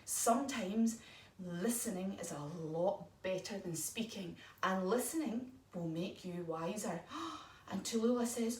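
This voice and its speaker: A woman leading a children's yoga story lesson in an animated, encouraging, sing-song way. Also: mid-range voice, a little slow. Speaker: kids yoga teacher. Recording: echoey room, mic far off, faint noise.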